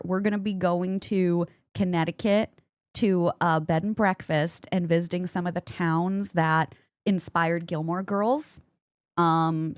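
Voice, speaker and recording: A woman streamer chatting casually, reading and answering her chat aloud and jumping high in pitch when excited. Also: smooth, dry recording.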